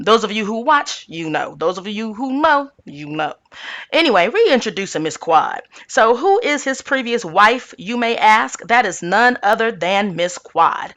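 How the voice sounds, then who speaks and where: A woman's voice: on the low side, bright, forceful tone. A woman hosting her own channel, recapping reality-TV gossip in a sassy, chatty, informal way and tossing in "okay" again and again. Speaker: tarot channel host. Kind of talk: casual gossip recap monologue.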